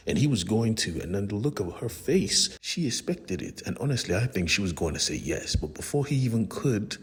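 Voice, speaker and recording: A man's voice: fairly low pitch, slightly rough. A young man casually retelling a comic book story in a slangy way, talking straight to his viewers. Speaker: comic book recap host. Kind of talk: casual comic recap narration.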